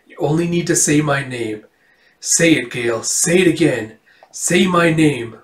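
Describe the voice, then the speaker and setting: A man's voice: a little high, unhurried, close to an everyday voice. A man voicing an ancient wizard who speaks in a solemn, grand way. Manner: solemn, pronouncing. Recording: roomy echo, distant from the mic.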